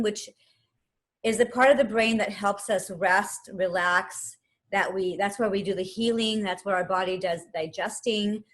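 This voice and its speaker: A woman teaching yoga and meditation, calmly guiding a breathing exercise step by step and counting the breaths aloud. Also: medium pitch. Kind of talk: guided breathing instruction.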